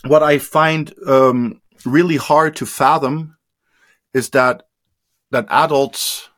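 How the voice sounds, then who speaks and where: A man who grew up in India, a guest in an interview giving personal testimony, speaking haltingly with many fillers and restarts and trailing off quietly. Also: medium pitch, fairly even intonation. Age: adult.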